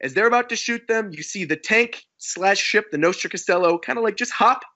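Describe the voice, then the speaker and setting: A male podcast host recapping a comic chapter with animated storytelling. His voice is bright and forceful, a touch higher than most men. The recording sounds a bit dull and lo-fi. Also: brisk. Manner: animated storyteller, acts out quotes.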